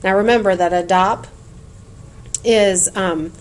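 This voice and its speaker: A woman teaching Spanish in a recorded lesson, explaining clearly and patiently and chanting word lists in a sing-song rhythm. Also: medium pitch, fairly even intonation, slow pace.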